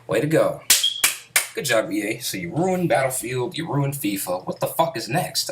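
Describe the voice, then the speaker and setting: A woman's voice: extremely low pitch, big pitch swings, moderate pace, slight background noise. A woman YouTuber sitting at home in an angry, profane rant about video games, rambling and restarting her sentences. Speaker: gaming YouTuber.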